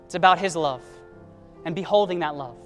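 A man with a high voice preaches in a big church hall with a long reverb tail. He tells his story by acting out the characters, going hushed and low for one and climbing loud and high for another. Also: brisk, soft background music. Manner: shifts to soft low tones for quoted characters, rising to loud high emphasis. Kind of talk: sermon storytelling.

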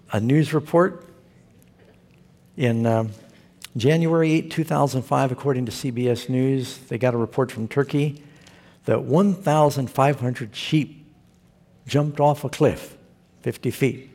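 Husky-voiced pastor preaching a sermon. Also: male voice, medium pitch, measured pace, pauses often, darkish tone. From Southern California. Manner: storytelling with humor, rhetorical questions to the congregation.

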